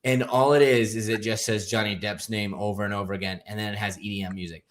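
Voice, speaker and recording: A man's voice: fairly low pitch, fast, slight background noise. A man co-hosting a comedy chat show, telling stories with lots of laughter. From Phoenix area. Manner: animated storytelling, laughs often. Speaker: comedian co-host.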